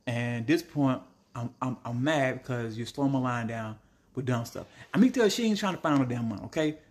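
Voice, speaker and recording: A man who runs an Italian ice cart, telling stories in an exasperated, animated rant that jumps into sudden high-pitched outbursts. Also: a little fast. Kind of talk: ranting storytime vlog.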